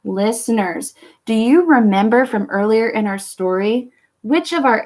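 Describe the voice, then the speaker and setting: Slow gentle children's storyteller woman. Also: a little high, expressive. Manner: gentle, encouraging, asks listeners questions. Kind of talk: reading a picture book aloud to children.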